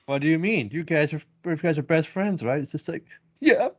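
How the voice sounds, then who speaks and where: A man's voice: fairly high pitch, expressive, brisk. Jokey man in casual podcast chat. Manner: jokey, laughing, playful. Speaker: podcast co-host.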